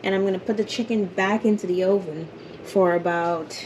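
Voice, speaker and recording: A woman's voice: mid-range voice, steady tone, normal speed, noisy background. Chatty woman cooking at home. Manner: chatty, step-by-step explaining. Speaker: home cook hosting a cooking video. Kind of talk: casual cooking demonstration. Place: home kitchen.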